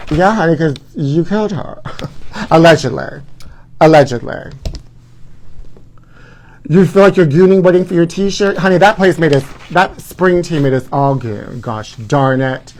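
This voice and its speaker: A campy man hosts a live gossip show in a dramatic, sassy way. His voice sits a little high, and he keeps calling his viewers honey. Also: normal speed, a little mellow. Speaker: host.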